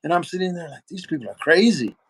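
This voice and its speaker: Male interview guest, higher voice, lively raconteur who voices the people in his story. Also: quick pace, slightly rough. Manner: animated storyteller, acts out other people's lines.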